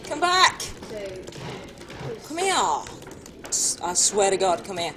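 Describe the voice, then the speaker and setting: A woman commentating her own live gameplay stream, excitable and often shrieking or laughing at the game. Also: medium pitch, slow, noisy background. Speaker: game studio presenter. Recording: music playing behind.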